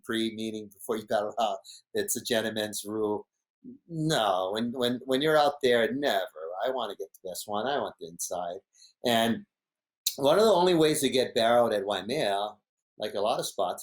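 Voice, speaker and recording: A man, a podcast guest telling a story in a casual, animated way, laughing often and acting out what others said. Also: on the low side, normal speed. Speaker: podcast guest, big wave surfer.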